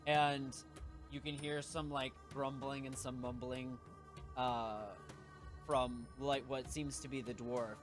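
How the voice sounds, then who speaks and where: A man's voice: medium pitch, flat delivery, slow pace, music in the background. A man narrating as game master for a tabletop game, in a loose way with lots of fillers.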